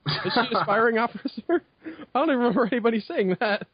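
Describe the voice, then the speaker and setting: A man's voice: very high voice, expressive, very fast, muffled recording, a crowd in the background. A man chatting casually and joking while playing a tabletop story game, laughing often and full of fillers.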